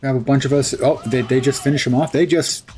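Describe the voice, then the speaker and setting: A man's voice: mid-range voice, steady tone, fast, a little mellow, slight background noise. A man giving casual, sarcastic commentary while livestreaming a game. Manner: sarcastic, wry asides to chat. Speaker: livestream gamer.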